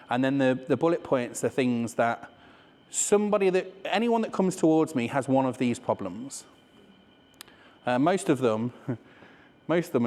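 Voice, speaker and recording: A man's voice: mid-range voice, darkish tone, long reverb tail. A man with a Leicester accent giving a casual, swearing business talk to a live audience, often asking "right?". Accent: Leicester English. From England. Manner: chatty and swearing, with many "right?" asides. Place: room with an audience.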